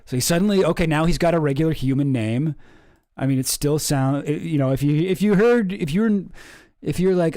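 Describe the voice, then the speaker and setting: A man's voice: on the high side, brisk, dark tone. A man giving casual, profane commentary, sarcastic and ranting, mocking official statements in a pompous read-aloud voice. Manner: sarcastic, ranting, swears a lot. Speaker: commentary streamer.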